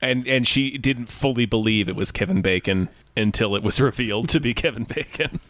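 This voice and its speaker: A man co-hosting a casual movie-review chat, measured, often restarting his words. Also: medium pitch, fairly bright tone, dry recording, studio quality. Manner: measured, with repeated starts. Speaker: podcast co-host.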